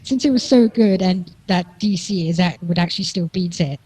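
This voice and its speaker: A man's voice: sits high, normal speed, darkish tone, breathy edge, poor audio. A man running a tabletop game as game master, chatty and laughing often.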